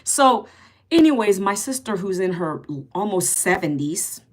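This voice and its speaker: A woman's voice: medium pitch, animated, unhurried. Chatty woman in her fifties hosting a live stream. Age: 50s. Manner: chatty, greets and answers viewer comments by name; blunt and sarcastic with rude commenters. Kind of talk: casual live stream chat.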